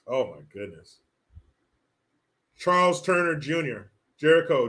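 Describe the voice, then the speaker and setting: A man with a bright, fairly high voice that swings widely in pitch hosts a casual commentary stream. He reads out viewer messages and then mocks and swears at his targets. He talks at an unhurried pace. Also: big pitch swings. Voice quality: mocking, swearing, breaks into laughter.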